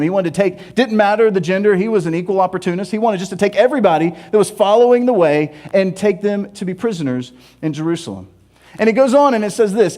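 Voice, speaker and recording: Animated, high-voiced male pastor preaching. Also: a little fast. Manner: animated, conversational preaching with casual asides. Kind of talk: sermon.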